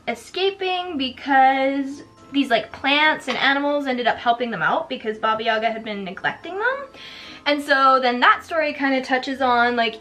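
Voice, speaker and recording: A woman's voice: sits high, fairly bright tone. A woman vlogger retelling a folk tale in a chatty, sarcastic way, full of "like" and "girl," while doing her makeup. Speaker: spooky lifestyle vlogger.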